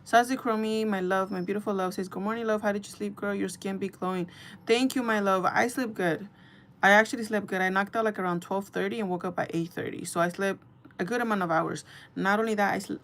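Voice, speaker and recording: Young woman, casual livestream chat, rambling animated storytelling, lots of fillers, mid-pitched voice. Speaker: livestream host.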